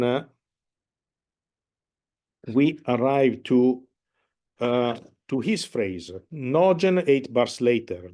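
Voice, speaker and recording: Slow, hesitant man explaining opera. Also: medium pitch, darkish tone. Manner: hesitant, many fillers, sings and hums musical phrases. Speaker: opera conductor teaching a masterclass. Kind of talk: masterclass explanation.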